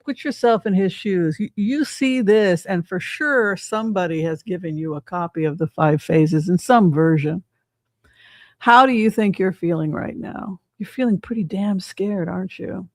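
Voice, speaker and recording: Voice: mid-range voice, normal speed, dry recording, studio quality. A psychic tarot reader giving casual livestream commentary in a chatty way, often asking the audience rhetorical questions.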